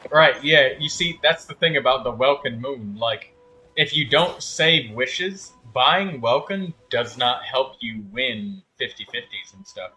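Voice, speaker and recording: A man's voice: mid-range voice, expressive, unhurried, sharp tone, soft background music. A man chatting casually and teasing others while he streams a game, laughing often. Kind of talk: casual live-stream chat while gaming.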